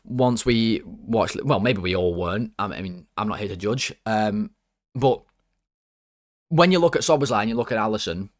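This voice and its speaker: A man hosting a football fan channel, giving casual player ratings in an excitable, jokey and rambling way. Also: fairly low pitch, normal speed, no echo, studio quality.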